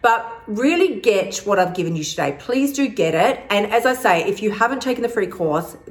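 Blunt, cheeky woman podcast host. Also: medium pitch. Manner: energetic, blunt, cheeky, swears freely. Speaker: host, weight-loss coach. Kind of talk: casual podcast monologue.

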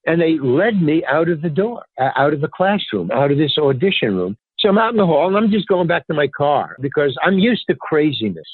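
A man's voice: on the high side, brisk, few pauses, husky, no room sound. An older man and stand-up comedian, telling stories casually in an interview and acting out other people's lines. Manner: animated, acts out other people's lines in raised voices. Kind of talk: casual anecdotal storytelling in an interview. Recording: dry, phone-like narrow sound.

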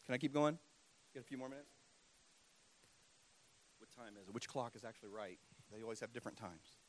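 A middle-aged man preaching a sermon with great passion. He swings between loud, fervent cries and hushed near-whispers. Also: mid-range voice, brisk, long pauses. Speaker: pastor.

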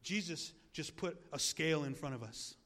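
A male pastor preaching a sermon in a church, animated and jokey, asking the congregation questions. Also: a little high, moderate pace.

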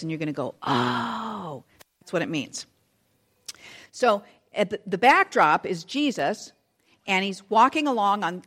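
A middle-aged woman delivers a sermon in a storytelling way, her pitch rising and falling with lively range. She acts out the people in the story and talks straight to the children. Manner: animated storytelling, acting out quoted voices; speaks to children in the audience. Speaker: preacher.

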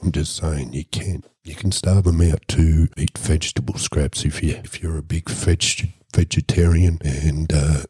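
A man with an Australian accent telling a crude, deadpan comic tall tale on a podcast, swearing constantly. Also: a bass voice, breathy edge, no room sound, clean studio sound. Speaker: podcast host.

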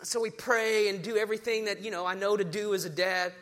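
High, bright pastor preaching. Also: male voice, brisk, faint music behind. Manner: animated, swings from hushed to rousing. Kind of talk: sermon storytelling.

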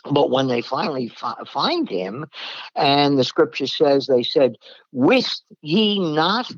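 A man's voice: medium pitch, measured pace, slightly rough, dry recording, highs cut off. A man from New York preaching a blunt, emphatic Bible-teaching sermon in a plain-spoken way.

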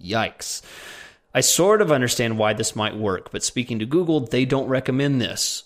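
A man hosts a casual Q&A show in a medium-pitched, everyday voice. He reads listener questions aloud and slips in teasing jokes about his co-host. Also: lively intonation, moderate pace. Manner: joking, teasing. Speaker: podcast co-host.

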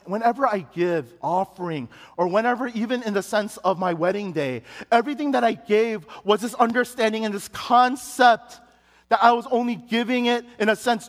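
A man's voice: sits high, a bit bright, big-room sound. A man preaching a sermon as pastor, telling a personal story and building to emphatic rising questions. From Chicago, United States.

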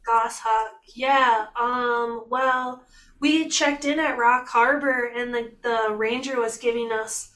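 A woman in casual group chat, chatty and full of quick asides. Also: on the high side, steady tone, fairly bright tone, poor audio.

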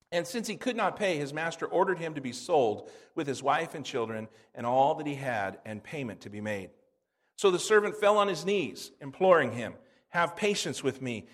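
A man who is a pastor, preaching a sermon, reading scripture in a low soft voice and telling anecdotes with laughter. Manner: animated storytelling, laughs at his own anecdotes.

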